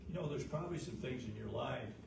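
A middle-aged man preaching a folksy, fervent sermon as pastor, swinging from loud, high peaks down to a low, quiet voice, with frequent "uh" fillers. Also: expressive, fast, gravelly, distant mic. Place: church sanctuary. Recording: roomy church sound from off the mic, noisy.

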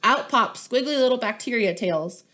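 A young woman reading a children's picture book aloud, her voice fairly high and clear. She tells the story expressively and at an easy pace, pausing to show the pages. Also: expressive, sharp tone.

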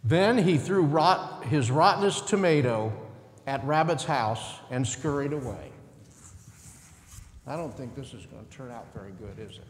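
A male pastor telling a story to children during a service, gently, with asides. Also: mid-range voice, lively intonation, unhurried, slight background noise. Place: church sanctuary. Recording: echoey church sanctuary.

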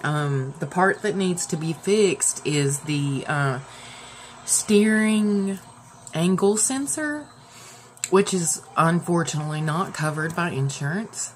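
A woman's voice: fairly low pitch, animated, slow pace, a little hiss or hum. A woman hosting a casual live stream, upset and near tears, rambling with many fillers and restarts.

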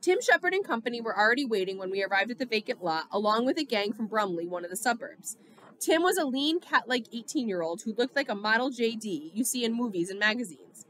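A woman narrating a novel in the first person with steady storytelling. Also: a little high, fast. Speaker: audiobook reader.

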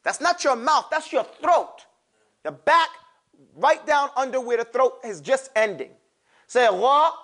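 Animated man teaching a class. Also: very high voice, measured pace. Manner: animated, drills the class to repeat sounds aloud. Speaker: Quran recitation teacher. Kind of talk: classroom lesson on letter pronunciation.

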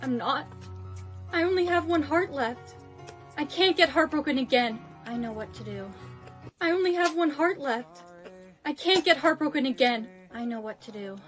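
A high, flat synthetic voice plays a guarded, heartbroken schoolgirl, read out by a text-to-speech woman. The reading is even and machine-made, with faint music underneath. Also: moderate pace. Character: teenage schoolgirl, wary and heartbroken. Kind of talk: text-to-speech skit narration.

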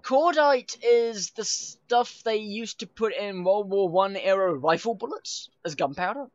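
A streamer chats casually over gameplay at a middling pitch, laughing often and tripping into restarts while explaining things. The sound is dull and lo-fi, and the voice is close and dry with no room around it. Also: lively intonation, unhurried, no room sound. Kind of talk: casual chat while playing.

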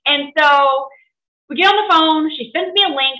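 A middle-aged woman telling a personal story to an audience in an animated way, often laughing. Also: sits high, moderate pace, reverberant, rough recording. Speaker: presenter.

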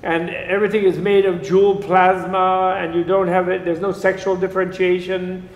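A man's voice: high-pitched, little pitch movement, moderate pace, dull audio. A man teaching a class on Buddhism in a casual, digressive lecture, joking and chuckling as he goes. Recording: echoey lecture room.

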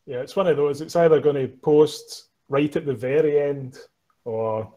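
A man's voice: fairly high pitch, normal speed, warm tone, low-quality recording. A man with a Scottish accent, a podcaster guest telling stories in casual chat, swearing freely and laughing at himself. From Scotland. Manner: swears freely, laughs often, self-mocking storyteller.

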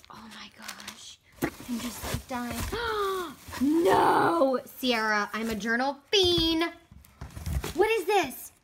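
High-voiced, gushing young woman vlogger. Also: a little hiss or hum. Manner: gushing, excitable, gasping. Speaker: fitness vlogger. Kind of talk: casual vlog.

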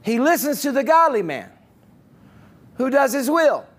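Casting: haughty indignant religious elders, loud and high-pitched, voiced by a preacher. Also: male voice, big pitch swings, measured pace, heavily acted. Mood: scornful. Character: huffy, arrogant male religious leaders.

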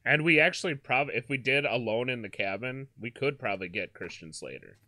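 A man's voice: mid-range voice, expressive, fairly quick, sharp tone, no echo. A man co-hosting a casual comedy podcast, joking around and steering the chat. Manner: joking, leads the discussion. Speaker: podcast co-host.

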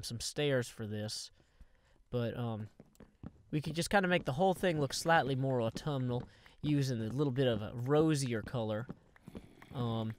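A man's voice: mid-range voice, slight background noise. A man hosting a Minecraft video, giving casual gameplay commentary full of playful, rambling asides to his viewers.

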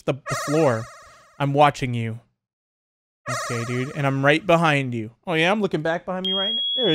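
Young male gaming host, lively pitch, reacts loudly to scares, light game music behind. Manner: excitable, jumpy, laughs often, shrieks when startled. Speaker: gaming YouTuber. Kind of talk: horror game let's play commentary.

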